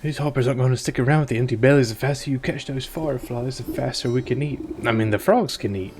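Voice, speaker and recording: A man's voice: medium pitch, fast, noisy background, close to an everyday voice. A man voicing a cheeky young country boy who brags and talks in folksy rural slang.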